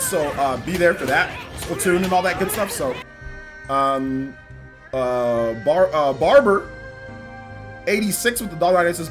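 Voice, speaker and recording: A man hosting a casual gaming livestream, chatting loosely and reading viewer donations. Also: a little high. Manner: relaxed, chatty, many fillers. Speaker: livestream host.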